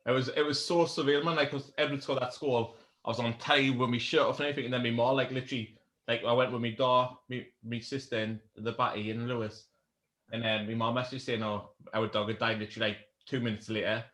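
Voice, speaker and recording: A man co-hosting a casual chat over drinks, telling excitable, sweary football stories. He talks quickly, and his voice bounces around an echoey room. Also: mid-range voice. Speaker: co-host.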